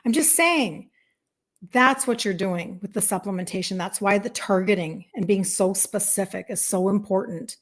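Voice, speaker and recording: A woman's voice: medium pitch, normal speed. A woman in her fifties, a health coach talking casually and emphatically to viewers on a live stream, encouraging and faith-tinged, acting out inner voices. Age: 50s.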